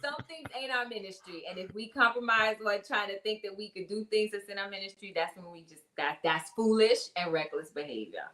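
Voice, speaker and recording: A woman's voice: medium pitch, a little fast, hardly any pauses, bright, forceful tone. A woman with an ordinary mid-range voice hosting a casual faith talk show. She chats loosely and reads viewer comments aloud. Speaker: host.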